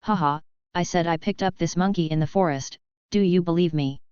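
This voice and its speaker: A woman's voice: fairly low pitch, brisk, darkish tone, clear, resonant tone, no room sound, natural voice. A woman voicing a clever, sly young boy wizard who speaks politely and innocently. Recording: dull, lo-fi, dry.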